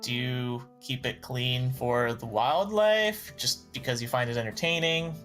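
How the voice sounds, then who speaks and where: A man's voice: medium pitch, measured pace, fairly bright tone, soft background music, natural voice. A man playing a courteous male wasteland traveler who speaks hesitantly.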